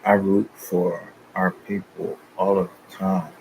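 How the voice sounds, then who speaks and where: Deep-voiced guy ranting at his viewers, cussing, a bit of hiss behind him. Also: little pitch movement, slow, vocal fry, darkish tone, rough recording. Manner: loose, profane, confrontational. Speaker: channel host. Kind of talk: casual rant to viewers.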